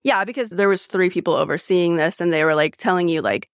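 A woman's voice: on the low side, fast talker, no room sound. A woman co-hosting a podcast, a psychotherapist who explains things plainly in casual chat and laughs often, close to the mic.

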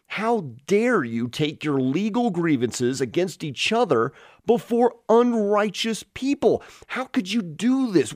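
A man's voice: on the high side, no room sound, studio quality. A man preaching an expository sermon in an earnest teaching tone, often restarting his phrases.

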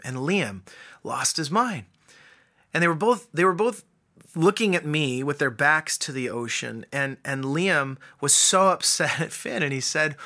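Earnest bright-voiced man giving a devotional. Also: medium pitch. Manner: earnest, builds to emphatic peaks. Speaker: guest speaker. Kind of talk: devotional talk.

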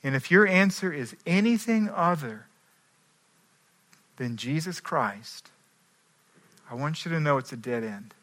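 Earnest bright-voiced male preacher. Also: fairly high pitch, animated, measured pace, pauses often. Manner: earnest preaching, shifting between soft asides and emphatic climaxes. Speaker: pastor. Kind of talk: sermon.

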